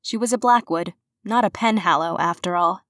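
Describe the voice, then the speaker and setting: A woman reading a cozy mystery novel aloud in an even, measured storytelling voice. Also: on the low side, no echo, clean studio sound. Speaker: audiobook narrator. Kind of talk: scripted narration.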